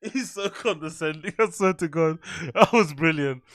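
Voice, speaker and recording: A man's voice: fairly high pitch, moderate pace, fairly bright tone, no room sound. A male podcast host giving a casual, mocking reaction commentary and laughing often.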